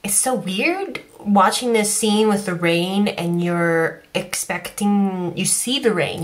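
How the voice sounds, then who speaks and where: A woman giving an excited, gushing live reaction to a music video, often cutting herself off. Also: lowish voice. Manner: gushing, excitable, self-interrupting. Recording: faint music behind. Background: faint music.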